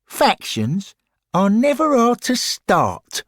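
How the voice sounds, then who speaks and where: A brash, boastful young football hooligan ghost blares his lines in a loud, raised voice, as a male narrator puts him on. He sounds cocky and eager for a fight. The recording is close and dry. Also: high-pitched, huge pitch swings, takes it slowly, no echo, voice pushed up, full character voice.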